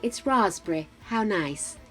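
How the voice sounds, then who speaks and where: An older British woman streams a game and chats casually with her viewers, laughing a lot and muttering to herself while she plays. Her mid-range voice is unhurried and a bit bright, with lively intonation and a slight hiss or hum. Faint game music plays in the background.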